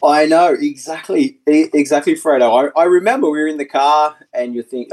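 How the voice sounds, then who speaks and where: A man's voice: on the high side, normal speed, few pauses. A man in his forties, a former motorcycle racer, chatting easily as a podcast guest over a video call, laughing often. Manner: easygoing, chatty, laughs often, many restarts. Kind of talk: casual podcast chat.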